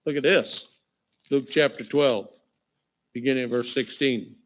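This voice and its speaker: A man preaching a sermon as pastor, joking with the crowd and checking in with "right?", then reading scripture aloud slowly and with emphasis. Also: medium pitch. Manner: jokey, keeps asking the crowd "right?". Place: church.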